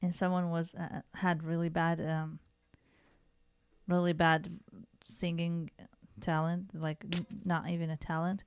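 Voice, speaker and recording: Woman, podcast co-host, casual chat, laughs and restarts a lot, smooth lowish voice. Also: little pitch movement, measured pace. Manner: chatty, laughing, frequent restarts.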